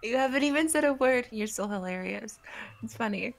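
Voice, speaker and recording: Giggly co-host with a gravelly edge. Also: female voice, on the high side, animated, fairly quick. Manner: giggly, teasing. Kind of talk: casual live-stream chat.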